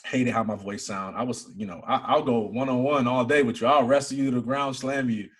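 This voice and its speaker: Husky young man telling his story. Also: mid-range voice, fairly quick. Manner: earnest storytelling, rising to excited emphasis. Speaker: interview guest. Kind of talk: personal testimony in an interview.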